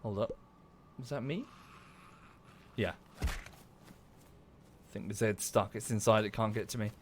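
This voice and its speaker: A game streamer from southern England, speaking with an Estuary English accent in a fairly low voice, talks slowly and casually while playing live. He thanks viewers by name and swears under his breath at the game, over a little hiss or hum.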